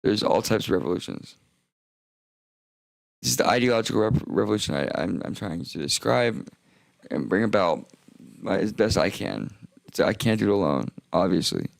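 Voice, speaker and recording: A young man with a deep, gravelly voice full of vocal fry rambles through a profane livestream monologue. He keeps breaking off mid-sentence and circling back. The sound is close and dry, with no room around it. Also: lively intonation, moderate pace, pauses often, no room sound. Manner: rambling, profane, self-interrupting. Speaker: streamer.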